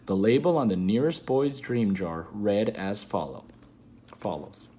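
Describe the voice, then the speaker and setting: A man reading a children's book aloud, pausing to explain the pictures to a child listening. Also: on the low side, lively intonation, mellow. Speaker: storybook reader.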